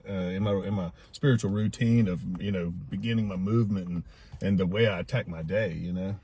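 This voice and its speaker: Soft-spoken man with a low voice. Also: steady tone, husky. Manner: halting, many fillers, trails off softly. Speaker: guest. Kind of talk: casual chat.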